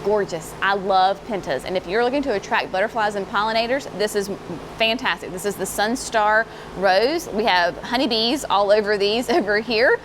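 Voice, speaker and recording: A woman's voice: mid-range voice, moderate pace. Woman host, chatty and upbeat, nursery walkthrough, faint outdoor hum behind. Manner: chatty, enthusiastic, says y'all. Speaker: garden center host. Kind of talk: casual walkthrough video.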